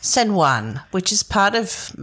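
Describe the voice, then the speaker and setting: A woman, a wine expert co-hosting a show, explaining things in an animated, knowledgeable way. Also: medium pitch, slow, husky. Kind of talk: casual chat.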